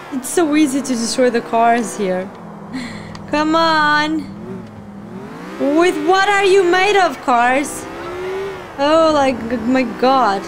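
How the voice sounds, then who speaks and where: A woman's voice: a little high, background noise. A woman hosting a gaming channel, giving casual reaction commentary and exclaiming and swearing at the game. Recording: game sounds under voice.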